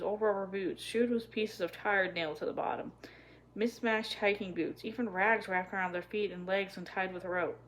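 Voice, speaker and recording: A woman reading a children's chapter book aloud in a gentle, even storytelling manner. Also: mid-range voice, a little hiss or hum, low-quality recording. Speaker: storybook reader.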